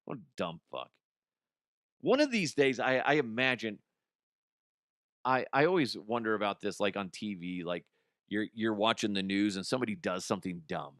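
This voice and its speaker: A man's voice: fairly low pitch, animated, moderate pace, long pauses, a bit bright, dry recording, studio quality. A man hosting a comedy podcast, ranting animatedly with profanity and laughing at his own jokes. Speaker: podcast host.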